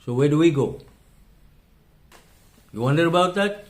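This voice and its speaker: A man's voice: on the high side, normal speed, long pauses. An older man who hosts a talk show and delivers an impassioned commentary monologue. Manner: impassioned, emphatic. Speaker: host.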